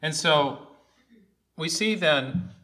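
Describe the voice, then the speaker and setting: A male preacher delivering a sermon with a bright, forceful tone. He is earnest and repeats his key lines, swelling into loud, emphatic calls before easing back to a conversational level. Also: on the high side, lively intonation, very slow.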